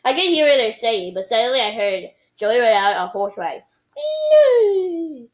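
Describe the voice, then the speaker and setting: Brief: female storybook reader, expressive, sound effects, fairly high voice. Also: brisk, rough recording. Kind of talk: reading a children's book aloud.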